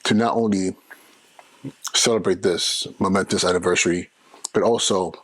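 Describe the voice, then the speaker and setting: A man's voice: deep voice, steady tone, moderate pace, a bit bright, breathy edge, dry recording. A man hosting his own podcast as an educator, talking earnestly and persuasively with frequent restarts. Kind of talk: solo podcast talk.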